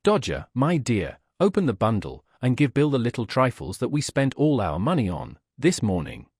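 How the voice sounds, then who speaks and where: A man's voice: mid-range voice, wildly swooping pitch, moderate pace, darkish tone, breathy edge, no room sound, studio quality. A man voicing a cunning, wheedling old male thief master who fawns on others, in an audiobook reading. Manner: wheedling, says "my dear".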